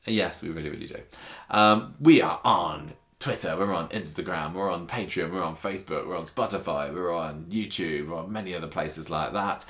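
Low-voiced man co-hosting a casual podcast, chatty and rambling. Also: normal speed, few pauses, a bit bright. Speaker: podcast co-host. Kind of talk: casual chat, reading listener feedback.

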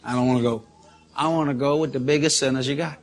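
A man preacher telling a story from the pulpit, animated and breaking into loud shouts of praise. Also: medium pitch, fast. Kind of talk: storytelling sermon.

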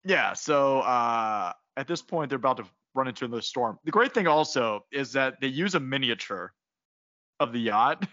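A man co-hosting a casual chat, retelling a film's plot with frequent laughs and quick character voices. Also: mid-range voice, animated, sharp tone, dry recording, muffled recording. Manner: laughs often, acts out characters in quick asides. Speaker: podcast co-host. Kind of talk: casual movie recap chat.

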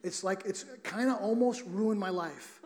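High-voiced earnest male preacher. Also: a little slow, heavy background noise. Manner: earnest storytelling, many restarts. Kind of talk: sermon.

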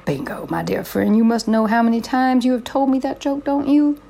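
Woman hosting a comedy bit, deadpan puns, lots of vocal fry. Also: fairly high pitch, normal speed. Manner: deadpan, punning. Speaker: comedy show host. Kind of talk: comedic banter.

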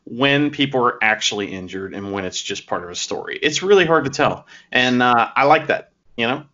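A man co-hosting a podcast, wry and animated, swearing casually. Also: mid-range voice, moderate pace, lo-fi sound. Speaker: podcast co-host.

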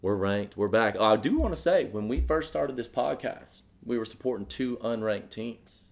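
A man's voice: fairly low pitch, animated, moderate pace, creaky. A man co-hosting a podcast, a bit out of breath, joking and bantering in casual sports chat. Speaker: podcast co-host.

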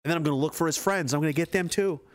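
A man's voice: fairly high pitch, racing. A man delivering a fierce, profane motivational rant, swearing freely and hammering his points with repetition.

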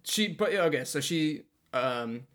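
A man's voice: fairly high pitch, animated, measured pace, a bit bright. A man co-hosting a casual movie podcast, retelling scenes with wry asides. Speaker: podcast co-host. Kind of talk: casual movie-review chat.

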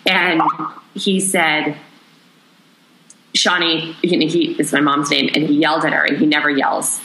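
A young adult woman, an interview guest, recounting a personal story in an emotional, halting way with many pauses. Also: low voice, flat delivery, sharp tone. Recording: roomy echo.

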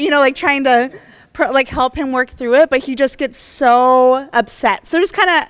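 A young woman poses a long, rambling question at a forum, packed with fillers. Her voice is high and smooth, recorded close and dry with hardly any room. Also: moderate pace, no echo. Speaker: audience member asking a question.

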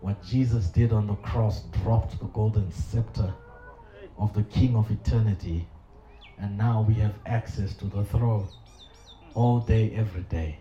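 A man's voice: fairly low pitch, fairly even intonation, unhurried, mellow, a little hiss or hum. A middle-aged male pastor preaching a sermon with passion and humorous asides. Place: church hall. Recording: echoey hall, dull sound, congregation audible.

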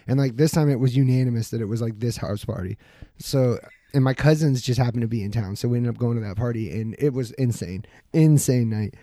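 A man's voice: medium pitch, mellow, no room sound. A man hosting a podcast, telling a rowdy story in casual chat, swearing freely and acting out what people said. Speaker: podcast host.

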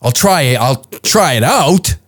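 A man's voice: mid-range voice, lively intonation, a little slow. A man in his fifties hosting a comedy podcast, ranting in a profane, rambling, incredulous way. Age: 50s. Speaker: podcast host.

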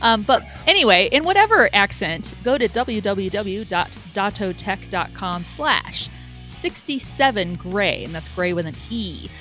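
A woman co-hosting a podcast, chatting in an upbeat way and giving quick replies. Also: mid-range voice, sing-song, sharp tone, faint music behind. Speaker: podcast co-host. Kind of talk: casual chat.

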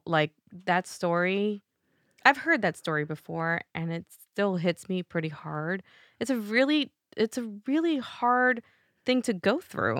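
A woman's voice: medium pitch, fairly bright tone, no echo, clean studio sound. A woman hosting a casual talk, responding sympathetically and reflecting on a guest's story. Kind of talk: casual conversation.

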